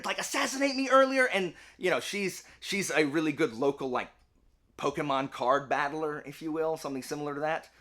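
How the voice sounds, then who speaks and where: A young man giving a casual, chatty review, full of fillers and animated retellings. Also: on the high side. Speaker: book and game reviewer.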